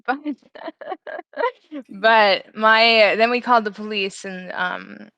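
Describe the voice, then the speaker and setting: A woman's voice: medium pitch, fairly even intonation, takes it slowly, pushed and bright, clear, resonant tone, no echo, dull audio. A young woman co-hosting a casual chat, telling stories and laughing through them. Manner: giggly storyteller, laughs through her stories. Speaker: podcast co-host.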